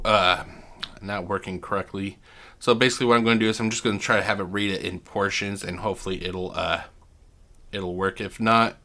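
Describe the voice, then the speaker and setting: A man's voice: lowish voice, pushed and bright. A man hosting casual commentary, thinking aloud in a rambling, profane way. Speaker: host.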